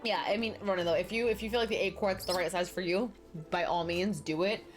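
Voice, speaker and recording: A young adult woman streams a life-sim game, chatting casually and speaking directly to her viewers, answering them by name. Her voice sits on the low side with a steady tone and a slightly quick pace, and soft music plays in the background.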